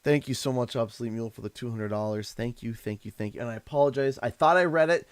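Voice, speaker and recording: A man's voice: medium pitch, quick pace, clear, resonant tone, no room sound. A man from Canada chatting on a live stream, emotional and effusive, often stammering and repeating himself. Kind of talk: casual live-stream chat.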